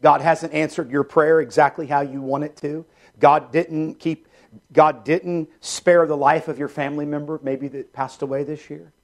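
Male preacher, sermon, gravelly voice, slightly high pitch, earnest repetition. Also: steady tone, moderate pace. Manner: earnest, repetitive preaching, drops soft for prayers.

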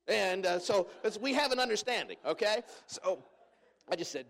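A man's voice: sits high, lively intonation, fairly quick. A middle-aged male pastor giving a sermon in a church auditorium, telling family stories with humor and many fillers and restarts.

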